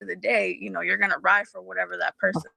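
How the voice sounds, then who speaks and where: A woman's voice: fairly low pitch, little pitch movement, fast, creaky, sharp tone, dry recording. A woman guest rambling through a story in casual chat, often quoting what others said. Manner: rambling, repeats herself, quotes others.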